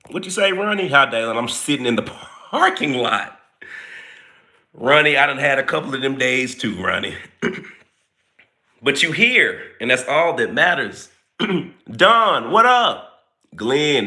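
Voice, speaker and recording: Lively, bright-voiced man hosting a livestream. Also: medium pitch. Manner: playful, chatty, reads out viewer names. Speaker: livestream host greeting chat. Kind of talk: casual livestream chat.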